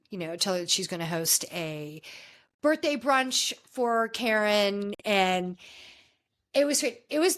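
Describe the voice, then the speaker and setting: A woman's voice: medium pitch, fairly bright tone. A woman hosting a podcast, chatting casually and gossipily through a reality show recap with many restarts. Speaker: podcast host.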